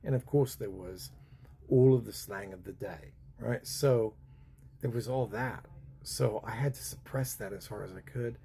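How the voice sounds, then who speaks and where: A man's voice: on the low side, a little slow, vocal fry, warm tone, slight background noise. A man in his fifties telling a personal story in a casual, rambling way, full of fillers and restarts. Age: 50s. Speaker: vlogger.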